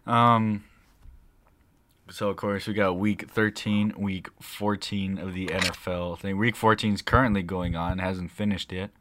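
A young man co-hosting a casual podcast, telling a rambling story with lots of swearing and excitable bursts. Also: deep voice, measured pace, slight background noise. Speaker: podcast co-host. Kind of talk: casual chat.

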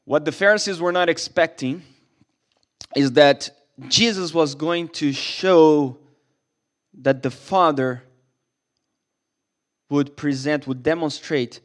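A man's voice: a little high, slow pace, long pauses, fairly bright tone. A man preaching a sermon as a pastor in a church, earnest and emphatic, often restarting his sentences.

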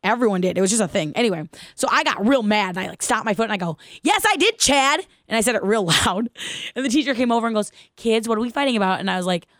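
A woman in her thirties hosting her own podcast, telling a personal story in an animated, casual way, laughing as she goes and asking listeners questions. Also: mid-range voice, rapid-fire, no echo, studio quality. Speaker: podcast host.

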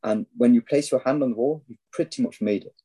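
A man from England telling a long personal story as a podcast guest, animated and acting out what others said. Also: medium pitch, quick pace, slightly rough, low-quality recording. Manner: animated storyteller, acts out quoted speech. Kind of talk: storytelling in a casual interview.

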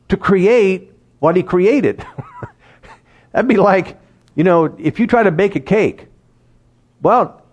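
A man preaches a sermon and reads scripture aloud in a high-sitting voice. He's animated, laughs at his own jokes, and slows down to stress key words.

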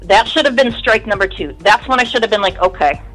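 A woman's voice: mid-range voice, expressive, brisk, a bit bright, soft background music, rough recording. Woman, 30s, interview guest; candid, rambling, foul-mouthed storyteller, mid-range voice. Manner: candid, rambling, swears often.

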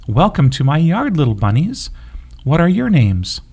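A man voicing a friendly, excitable young puppy in a children's story, warm and gentle. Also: on the high side, moderate pace, slightly rough, voice pushed up, exaggerated voice.

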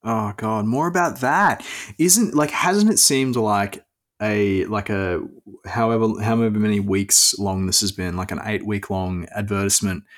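A man's voice: on the low side, unhurried. A man as a podcast guest in casual chat, rambling and opinionated with lots of filler words.

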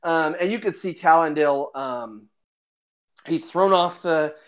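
A man's voice: on the high side, measured pace, a bit bright. A man narrating a tabletop game as game master, rambling with fillers and laughing often.

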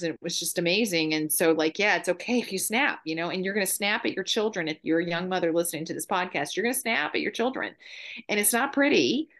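Middle-aged female guest, earnest and heartfelt, lower register. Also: lively intonation, quick pace, fairly bright tone. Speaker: guest, mother. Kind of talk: casual conversation.

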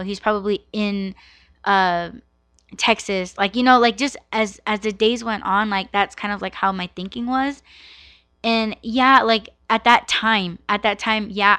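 A woman's voice: mid-range voice, pushed and bright, clean tone, no room sound. A woman in her thirties hosting a podcast, telling a personal story in a candid, profane, filler-heavy way. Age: 30s. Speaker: podcast host.

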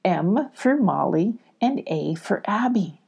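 An older woman narrating a children's storybook in a gentle, expressive way. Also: mid-range voice, takes it slowly, creaky, slightly rough.

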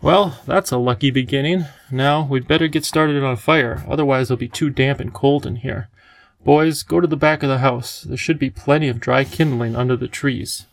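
Guy doing a cheery old professor who loves to lecture, gravelly, dry close sound. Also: mid-range voice, moderate pace, no room sound, close to an everyday voice. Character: kindly eccentric elderly male professor.

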